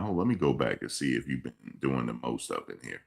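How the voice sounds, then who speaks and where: A man's voice: rumbling low, expressive, fast, gravelly, few pauses, fairly bright tone. A man hosting a casual live stream, reading chat comments and answering them in a blunt, repetitive, scolding way. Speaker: livestream host reading chat. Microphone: streaming mic.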